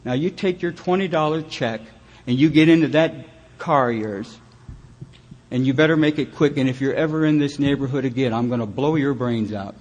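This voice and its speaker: A gruff, bitter older father, as told by a man recounting the moment, cold and seething as he lays down his threats. His voice sits in a plain middle range, blunt and clipped. This is a spoken story from a live talk. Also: medium pitch, moderate pace, darkish tone, highs cut off, close to an everyday voice. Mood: seething anger.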